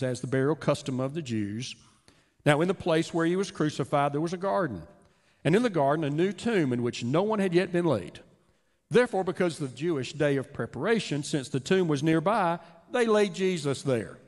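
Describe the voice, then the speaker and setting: Earnest pastor preaching in a reverberant hall. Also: male voice, a little high, lively intonation, moderate pace, a little mellow. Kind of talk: sermon with scripture reading. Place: church sanctuary.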